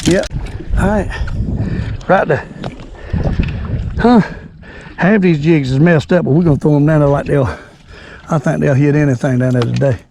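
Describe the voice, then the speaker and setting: Excitable older man on a boat. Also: on the high side, moderate pace, gravelly, long pauses, noisy background. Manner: excitable, folksy, repeats exclamations. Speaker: fishing channel host. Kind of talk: casual fishing vlog narration. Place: on a boat on a lake.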